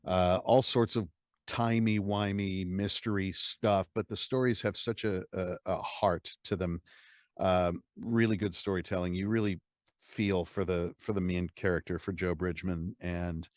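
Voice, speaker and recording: A man's voice: low-pitched, measured pace, no echo, clean studio sound. An American man, a guest and audiobook narrator, talking casually and with animation in an interview. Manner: animated, chatty storyteller who laughs easily.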